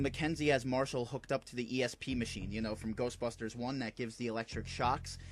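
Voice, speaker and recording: A man's voice: medium pitch, a little hiss or hum. Chatty man narrating a film idea. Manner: loose, chatty storytelling with fillers. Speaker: fan film creator. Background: background music.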